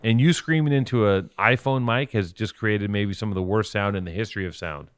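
A man's voice: on the low side, brisk, smooth, no room sound. A man co-hosting a podcast in casual banter, talkative, teasing and profane, explaining things at length. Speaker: podcast co-host.

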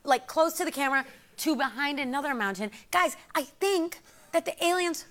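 A woman guesting on a late-night talk show, telling an anecdote in an excited, insistent way. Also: sits high, moderate pace.

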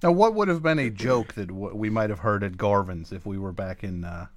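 A man's voice: on the low side, expressive, fairly quick, dry recording. A man hosting a radio show in a studio, running a casual interview with short backchannels and follow-up questions. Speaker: radio host.

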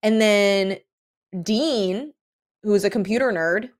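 A woman co-hosting a casual chat, retelling a story with lots of "like" and quick voiced asides. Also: mid-range voice. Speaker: podcast co-host. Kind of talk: casual chat recapping a book.

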